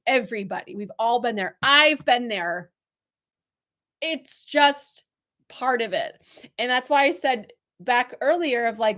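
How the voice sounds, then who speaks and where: High-voiced woman coaching with effusive energy. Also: a bit bright. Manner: effusive, encouraging, speaks directly to viewers. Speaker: spiritual business coach. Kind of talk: live channeling and coaching session.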